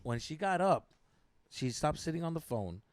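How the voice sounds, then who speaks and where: Animated young man telling a profane story. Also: a little high, normal speed, no room sound. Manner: mixes Spanish slang into English. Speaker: podcast co-host. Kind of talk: casual storytelling chat.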